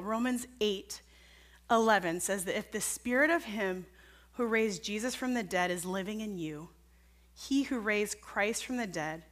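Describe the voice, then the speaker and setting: A woman preacher, around middle age, telling a personal story in her sermon in an earnest, conversational way, with a lot of casual fillers. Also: mid-range voice.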